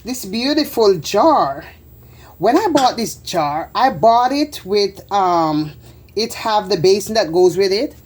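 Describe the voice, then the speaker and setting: A woman's voice: medium pitch, animated, slow pace, a little mellow, breathy edge. Chatty churchgoing woman showing her home. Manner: chatty, faith-filled, repeats phrases for emphasis. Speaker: home vlogger. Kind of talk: casual home tour chat.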